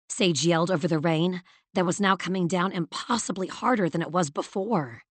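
Reading an audiobook as scripted narration, a woman with a voice on the low side keeps her storytelling measured and even. The recording sounds dry.

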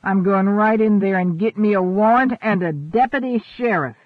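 A man's voice: high-pitched, moderate pace, dry recording, lightly acted. Male reader as a burly slave catcher, blustering and threatening, tinny radio sound.

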